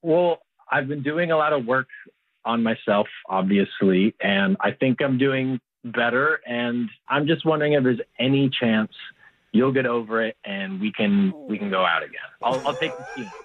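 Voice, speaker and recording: A man's voice: medium pitch, moderate pace, no room sound. A man calling in to a radio show, talking hesitantly with many ums and restarts. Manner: hesitant, stammering, full of ums. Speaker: caller. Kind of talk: phone call to a radio show. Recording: dry tinny phone line.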